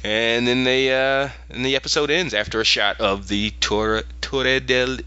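A young man hosting a podcast, casually recapping a TV episode and acting out the characters' lines in quick voices. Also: medium pitch, steady tone, bright, forceful tone, smooth, highs cut off.

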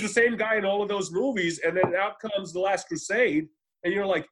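A man in casual conversation about films, rambling and swearing freely, slipping into quick voices to retell scenes. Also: sits high, a bit bright. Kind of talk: casual movie chat.

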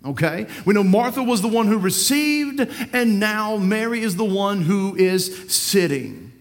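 A man's voice: high voice, expressive, unhurried. A man preaching a sermon in church, talking conversationally, often repeating words and checking in with "right?".

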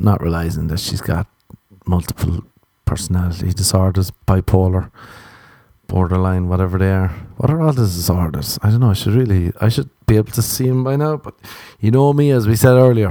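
A man's voice: fairly quick, creaky, warm tone, dry recording, studio quality. A young Irish man telling self-deprecating comic stories in a casual monologue. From Ireland. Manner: self-deprecating, jumps into silly high voices for quotes.

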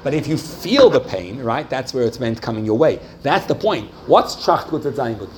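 A male teacher leads a Jewish class, asking his students question after question and drawing out key points slowly. His voice sits at an ordinary pitch, with faint noise in the background. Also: sing-song. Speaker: religious teacher.

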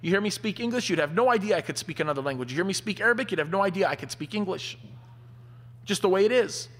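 A man preaching a sermon, telling stories in an animated way. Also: sits high, fast talker. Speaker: pastor. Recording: long hall reverb.

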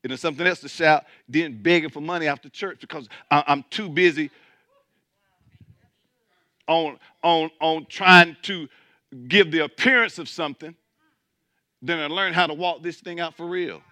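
Bright-voiced preaching pastor, dry sound. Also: male voice, fairly high pitch, moderate pace, pauses often, no echo. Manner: preaching with rising intensity and dialect asides; mocking impressions of churchgoers. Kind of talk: sermon.

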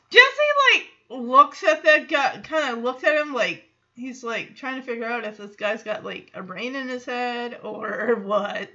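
A woman hosting a podcast, recapping an episode in a casual, animated way and acting out quotes. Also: unhurried, hardly any pauses, highs cut off. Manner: animated, acts out quotes in lowered voices. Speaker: podcast host.

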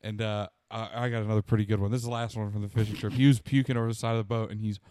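A man's voice: on the low side, level tone, racing, darkish tone, no echo, clean studio sound. A young man, a podcast co-host in casual chat, telling crude stories with lots of laughter and acted-out quotes. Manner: crude, laughing storyteller who acts out quotes.

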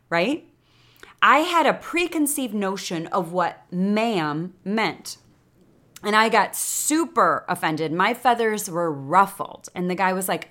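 A woman's voice: mid-range voice, animated, a little slow, fairly bright tone. A woman from Chicago hosting a motivational podcast, chatty and encouraging in a casual monologue. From Chicago, United States. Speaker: podcast host. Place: Texas.

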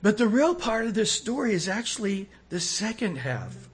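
A man preaching a sermon, acting out quoted voices and swinging between loud and soft. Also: high-pitched, sing-song, normal speed, slightly rough. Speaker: pastor.

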